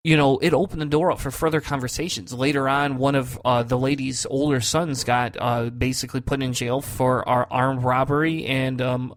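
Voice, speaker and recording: A man co-hosting a podcast, telling a long personal story in a loose, conversational way. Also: mid-range voice. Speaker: podcast co-host. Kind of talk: casual chat.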